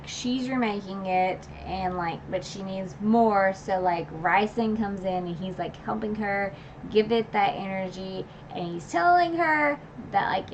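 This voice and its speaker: A woman's voice: mid-range voice, vocal fry, a little hiss or hum. A woman streamer casually recapping a novel's final chapters in a chatty way, with constant filler words and emotional asides. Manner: retells scenes with emotional asides and laughs. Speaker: book channel streamer. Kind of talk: casual livestream book recap. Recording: dull lo-fi stream audio.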